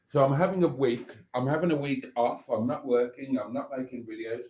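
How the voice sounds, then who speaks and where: A man's voice: medium pitch, normal speed, a little mellow. A middle-aged man, chatting casually on a live stream and reading viewer comments aloud with playful asides.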